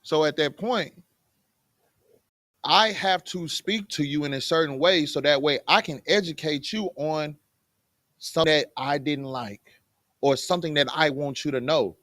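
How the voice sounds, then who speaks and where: A man's voice: a little high, a little slow, a bit bright, no echo, clean studio sound. A man teaching a Bible class in plain everyday talk, often putting rhetorical questions to his students. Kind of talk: conversational scripture teaching.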